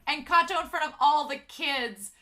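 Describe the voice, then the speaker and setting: A young woman talks through an episode in a casual, gushing recap. Her voice is bright and sharp, and it swings from a low hush to loud, excited bursts. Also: moderate pace. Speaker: anime episode reviewer.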